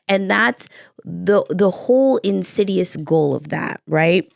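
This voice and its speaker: A fervent American woman delivers solo podcast commentary, stacking up repeated phrases to press each point. Her voice sits low, with a gravelly edge, and the recording is close and dry. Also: expressive, takes it slowly, no room sound. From United States. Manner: impassioned and rhetorical, hammering points through repetition. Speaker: podcast host.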